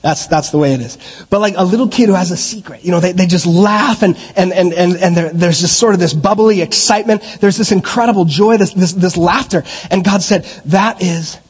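A middle-aged man preaching a sermon, swinging from loud animated preaching to relaxed storytelling full of restarts. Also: high voice, a little fast, husky, big-room sound. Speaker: pastor.

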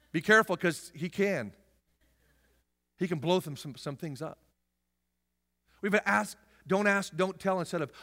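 A man preaching a sermon as pastor, emphatic and repetitive, rising to shouts and dropping into jokey asides. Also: high voice, normal speed. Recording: long hall reverb.

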